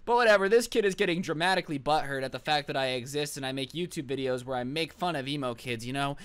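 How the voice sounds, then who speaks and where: A man's voice: fairly high pitch, a bit bright, clean tone. A man telling a funny personal story to his vlog audience, sarcastic and mocking, rambling from one joke to the next. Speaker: storytime vlogger. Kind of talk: comedic storytime monologue.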